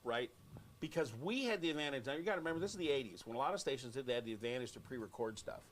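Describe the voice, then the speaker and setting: A man with an American accent, a radio host telling an animated story on air and acting out quoted lines. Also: medium pitch, racing.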